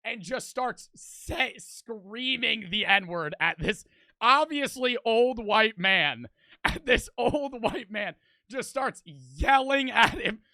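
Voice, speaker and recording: A young man reacting to a video and telling a story, loud and excitable, swearing often. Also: sits high, takes it slowly, vocal fry, no room sound. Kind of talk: profane animated storytelling.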